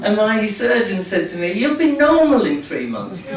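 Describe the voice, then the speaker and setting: A man's voice: high voice, big pitch swings, moderate pace, few pauses, crowd noise. A middle-aged man from Scotland with a Scottish accent, telling jokes in a stand-up comedy set, full of ums and chuckling at his own lines. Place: small comedy venue with a live audience. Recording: roomy venue recorded from a distance, audience noise.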